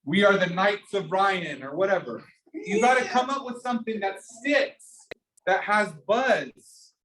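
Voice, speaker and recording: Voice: mid-range voice, a little slow, a bit bright. A teacher coaching an entrepreneurship class, pushing students hard and calling on them by name. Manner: pushy, fired-up, calls on students directly. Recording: echoey classroom.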